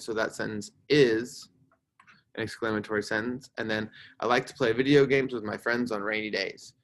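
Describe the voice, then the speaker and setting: A male teacher giving a recorded grammar lesson to fourth graders, acting out example sentences with loud, excited emphasis. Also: mid-range voice.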